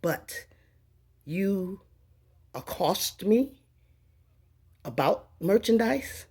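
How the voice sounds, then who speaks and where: A woman in her fifties telling a story in a casual vlog, animated and acting out the dialogue of the people in it. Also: mid-range voice, very slow, breathy edge. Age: 50s. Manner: animated, acts out dialogue in voices. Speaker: vlogger.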